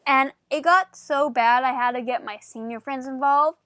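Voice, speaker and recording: Vlogger woman, high bright voice, animated chatty storytelling, dry close sound. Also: moderate pace, dry recording. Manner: animated, chatty, many "like" fillers. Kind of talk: casual storytelling to camera.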